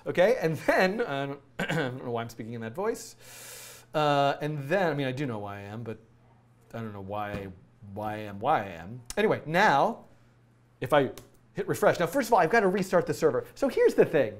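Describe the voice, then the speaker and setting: A man's voice: medium pitch, animated, a little fast. A middle-aged man teaching coding in a casual, rambling way, often laughing and correcting himself as he works. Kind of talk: casual live-coding tutorial.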